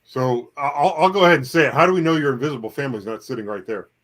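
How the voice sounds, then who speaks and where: A man chatting as a guest on a livestream, halting and repeating words, with dry humor. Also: mid-range voice, fairly bright tone. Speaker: guest reseller. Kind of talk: casual livestream chat.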